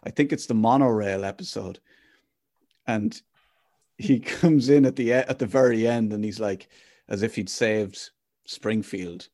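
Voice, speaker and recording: A man's voice: fairly low pitch, unhurried, pauses often, a little mellow. A man hosting a casual podcast chat, joking and digressing and laughing at his own jokes. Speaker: podcast host.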